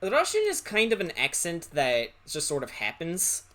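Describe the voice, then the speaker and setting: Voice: medium pitch, wildly swooping pitch, moderate pace, a bit bright. A streamer chatting casually while drawing, rambling and hesitant with lots of fillers. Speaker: streamer and artist.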